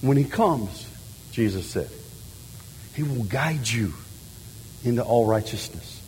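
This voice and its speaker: A middle-aged man, a pastor preaching a sermon in a church, talking with an animated delivery that swings from quiet to loud, emphatic lines. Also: medium pitch, takes it slowly, slight background noise. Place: church sanctuary. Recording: long hall reverb.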